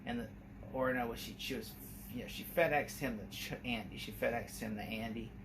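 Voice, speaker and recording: A young man casually reviewing a horror movie, rambling and excitable, often laughing and acting out lines. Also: mid-range voice, fairly quick, noisy background.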